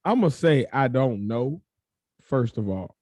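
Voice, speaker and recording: Young male co-host, casual and profane, warm low-key timbre. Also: slow pace, no echo. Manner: blunt, profane, animated storytelling. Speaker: podcast co-host. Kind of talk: casual chat.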